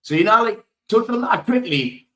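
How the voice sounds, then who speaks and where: A man hosting a casual interview, asking soft, hesitant questions. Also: high voice, expressive, moderate pace. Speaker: podcast host.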